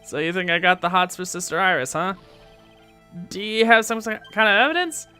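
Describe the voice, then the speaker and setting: A man's voice: high-pitched, brisk, pushed and bright, clear, resonant tone, soft background music. A man voicing a goofy, lovesick young man who talks in a whiny, flustered way. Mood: defensive. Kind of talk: game dialogue read-along.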